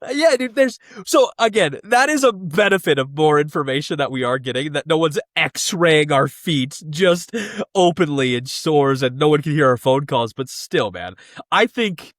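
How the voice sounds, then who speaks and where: Animated young man, lively pitch. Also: moderate pace, dry recording, studio quality. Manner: animated, laughs often, slips into quoted voices. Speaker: podcast co-host. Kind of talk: casual chat.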